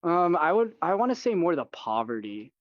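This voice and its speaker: A man's voice: fairly high pitch, very animated, normal speed, highs cut off. A young man, a guest in casual chat, telling rambling, profane stories full of fillers. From United States.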